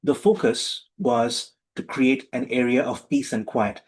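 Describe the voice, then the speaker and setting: A man's voice: medium pitch, unhurried, slightly rough, poor audio. Playful man giving a humorous talk. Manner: playful, animated, acts out little voices for jokes. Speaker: spiritual teacher giving a talk. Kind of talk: humorous talk to a live and online audience.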